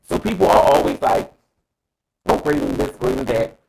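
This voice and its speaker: A man's voice: medium pitch, animated, moderate pace, gravelly, darkish tone, rough recording. A man co-hosting a casual talk show, giving a dramatic, emphatic, profane opinion and calling co-hosts by name. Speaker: co-host.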